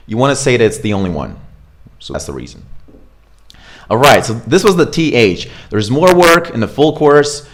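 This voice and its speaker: A man's voice: medium pitch, very animated, normal speed. A man coaching English pronunciation in a casual, chatty way, full of fillers and check-ins, filmed on camera. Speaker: accent coach. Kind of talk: pronunciation lesson. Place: home studio with camera.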